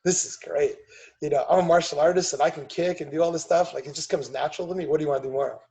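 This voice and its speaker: A middle-aged man telling a family story on a podcast, emphatic and animated, acting out what people said. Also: a little high, very fast, poor audio. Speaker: podcast guest, chiropractor and business owner.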